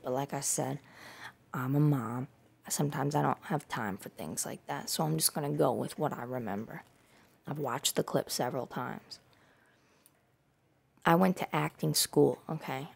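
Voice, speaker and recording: A woman's voice: sits low, creaky, husky. A young woman hosting a casual solo podcast, rambling and swearing freely with lots of "like" and "dude". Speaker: podcast host.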